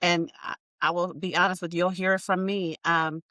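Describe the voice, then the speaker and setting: Lively woman telling her story. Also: fairly low pitch, normal speed, no echo. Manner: animated, emphatic, addresses listeners as y'all. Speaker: entrepreneur guest. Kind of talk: casual interview storytelling.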